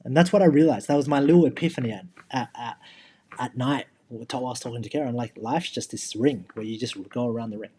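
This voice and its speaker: A man's voice: medium pitch, fast talker, mellow, breathy edge. A man in his thirties, a podcast co-host, talking casually and with energy, often repeating words as he thinks aloud. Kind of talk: casual chat.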